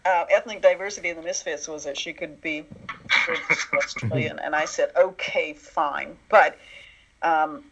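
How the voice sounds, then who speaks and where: A man being interviewed about writing an animated series, who tells stories in a relaxed, chatty way and acts out the voices of people he quotes. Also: fairly high pitch, normal speed, a little hiss or hum. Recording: dull lo-fi sound.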